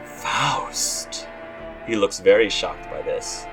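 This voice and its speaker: A man's voice: on the low side, measured pace, over music. A man narrating a tabletop game as game master in a casual, rambling way. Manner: casual, rambling, many fillers.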